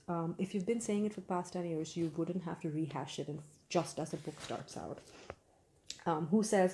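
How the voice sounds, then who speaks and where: A woman's voice: lowish voice, moderate pace, mellow, a little hiss or hum. A young woman giving a casual, candid book review, opinionated and full of fillers and restarts.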